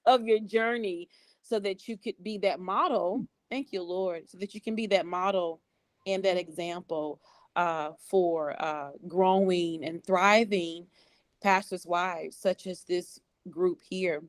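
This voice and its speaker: A pastor's wife speaking on a video call, measured, earnest and thankful. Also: female voice, lowish voice, no room sound.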